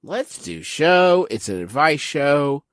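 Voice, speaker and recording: Lively high-voiced man joking around. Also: dry recording, studio quality. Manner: jokey, profane, quick to riff. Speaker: podcast co-host. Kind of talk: comedic podcast banter.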